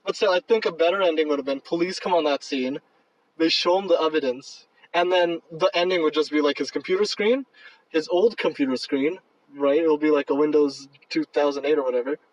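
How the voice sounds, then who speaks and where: Casual co-host, male, jokey and quick to riff; lo-fi mic placed off to the side. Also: fairly high pitch, dry recording. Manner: playful, jokes and tries silly accents. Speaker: podcast co-host. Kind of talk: casual movie discussion. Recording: muffled, dull, distant from mic.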